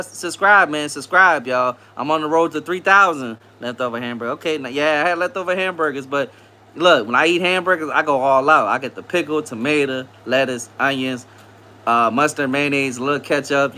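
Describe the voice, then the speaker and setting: A man hosting a casual live stream, reading viewer comments aloud, greeting people by name and repeating phrases in a relaxed way. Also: fairly high pitch.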